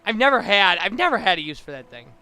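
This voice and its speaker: A man talks through his video game playthrough in a bright, high, upbeat voice. He chats casually and laughs often. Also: very animated, fast, clean tone, soft background music. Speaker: gaming video host. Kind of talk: casual gameplay commentary.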